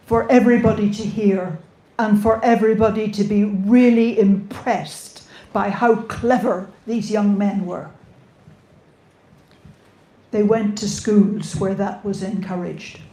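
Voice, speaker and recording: An older woman with a slight Scottish accent answers audience questions at a lecture. She talks slowly in a mellow, darker voice, measured and dryly humorous. The echo of the lecture hall hangs around her words. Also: mid-range voice. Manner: measured, plain-spoken, dry humour. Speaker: astrophysicist giving a public lecture.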